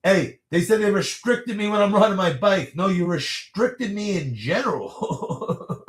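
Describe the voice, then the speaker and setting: A man's voice: high voice, expressive, a little slow. Guy rambling on his phone live, laughs a lot, kinda echoey room sound. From New York area. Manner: rambling, chatty, laughs often. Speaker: livestream host. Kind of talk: casual livestream chat answering viewer questions.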